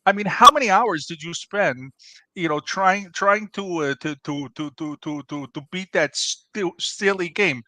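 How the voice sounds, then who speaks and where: A man's voice: sits high, unhurried, pushed and bright, no room sound, full character voice. A man playing a brash, bossy middle-aged pizzeria owner, who scolds and talks over his partner in a comedy debate. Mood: scolding.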